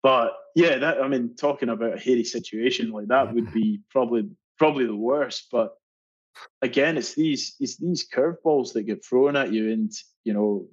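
Scottish swimmer guy chatting on a podcast, breathy voice, laughs a lot, muffled audio. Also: medium pitch, moderate pace. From Scotland. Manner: animated storyteller, laughs often, many restarts. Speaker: marathon swimmer guest. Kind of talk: casual storytelling interview. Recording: dull lo-fi sound.

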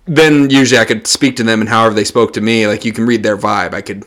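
A young man chatting casually, blunt and deadpan, swearing freely as he tells work stories. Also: lowish voice, fast. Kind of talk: casual chat.

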